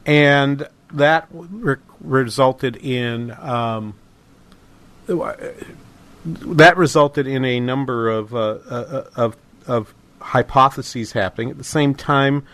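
Male talk radio host, middle-aged, rambling delivery, lots of ums and restarts, mid-pitched voice. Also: takes it slowly, a bit bright, no echo. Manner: rambling, many fillers and restarts. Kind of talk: casual talk radio monologue.

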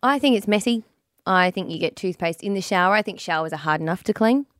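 A woman co-hosting breakfast radio, teasing and quick to argue back. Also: medium pitch, lively intonation, no room sound, clean studio sound. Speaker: radio co-host. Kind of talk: casual breakfast radio banter. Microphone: studio microphone.

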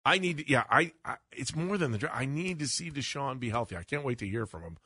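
A man's voice: mid-range voice, lively intonation, a little fast, bright, forceful tone, slightly rough. A man co-hosting a sports radio show, talking casually and restarting his sentences often. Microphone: studio microphone.

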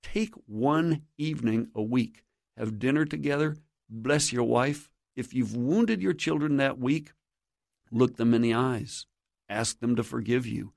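A man's voice: mid-range voice, measured pace, creaky, a little mellow, dry recording, studio quality. A man teaching in an earnest, preacherly way as a guest on a Christian radio talk show, exhorting listeners directly. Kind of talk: sermon-like teaching.

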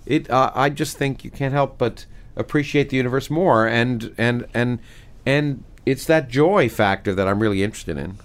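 A middle-aged man, a physicist guest, talking animatedly in an interview with many restarts. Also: medium pitch. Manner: animated, many restarts, reads a passage slowly. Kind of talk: conversational interview.

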